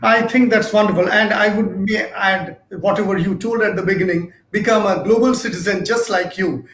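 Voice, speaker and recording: A man's voice: high-pitched, steady tone, normal speed, a bit bright. A man hosting an interview, who speaks hesitantly with many fillers and keeps affirming his guest. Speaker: interviewer, host. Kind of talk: conversational interview. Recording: echoey room.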